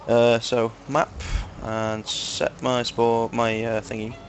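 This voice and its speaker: In a completely flat delivery, a mid-range male voice takes its time, with slight background noise behind it. The speaker is a young gaming video host from Manchester with a Manchester English accent, casually joking with friends during gameplay in a chatty, crude, filler-heavy way.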